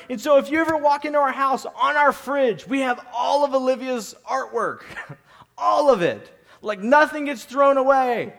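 Man, pastor, sermon, high voice, chatty, rhetorical questions. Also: big pitch swings, moderate pace, vocal fry, fairly bright tone. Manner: conversational, repeats himself, many asides and rhetorical questions.

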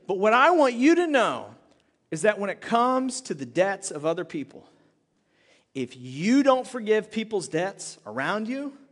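A male pastor preaches with a high, light voice, telling his story in an animated way and acting out the quotes. His words carry a long reverb through the church hall. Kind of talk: sermon.

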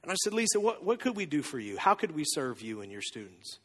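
A man in his thirties preaching a sermon, telling the story with lively, acted-out voices. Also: a little high, fast, big-room sound. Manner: animated storytelling, acting out the disciples' voices. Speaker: pastor.

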